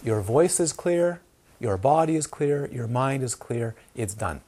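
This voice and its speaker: A man giving an informal Dharma talk to a small group, telling stories with animated asides. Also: mid-range voice, measured pace, slightly rough. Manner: animated storytelling, acts out quoted voices. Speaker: meditation teacher.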